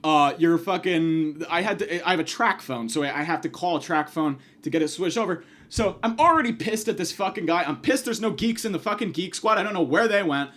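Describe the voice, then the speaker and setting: A man's voice: on the high side, brisk, hardly any pauses, fairly bright tone. A man doing a comedic monologue, ranting angrily and profanely, acting out the people he quotes.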